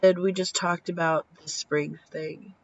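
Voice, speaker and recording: A woman's voice: on the low side, unhurried. A woman in her thirties telling a story in a casual vlog, acting out the dialogue and swearing casually, tired from little sleep. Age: 30s. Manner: animated, acts out quoted dialogue, swears casually. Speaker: vlogger. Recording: dull lo-fi sound.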